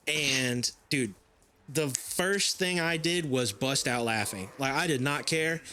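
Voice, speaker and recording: A man's voice: medium pitch, slow. Man talking in long rambling runs. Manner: animated storyteller, talks in long rambling runs. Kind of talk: casual conversational chat.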